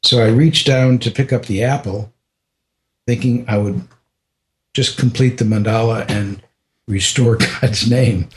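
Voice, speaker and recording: Older American man telling a story. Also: medium pitch. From United States. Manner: reflective, unhurried, many restarts and small laughs. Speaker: podcast guest. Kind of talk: personal storytelling in conversation.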